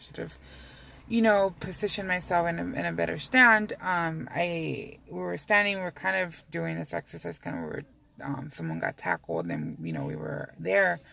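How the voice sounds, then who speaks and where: A woman's voice: fairly low pitch, vocal fry, a bit bright. A woman vlogging from inside her car in a rambling, candid way, swearing freely as she talks. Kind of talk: casual chat to camera.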